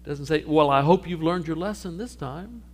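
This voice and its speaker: Animated male preacher telling a parable. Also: a little high, moderate pace, slight background noise. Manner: animated storytelling, acting out sheep and Jesus. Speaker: pastor. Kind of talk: sermon.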